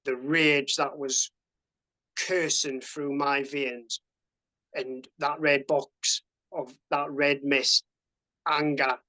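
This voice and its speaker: A man's voice: mid-range voice, level tone, drawn-out words, bright, forceful tone, low-quality recording. A man, talking as a podcast guest. He tells his story in plain casual speech, swears freely and acts out other people's words in a raised voice. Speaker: podcast guest, army veteran.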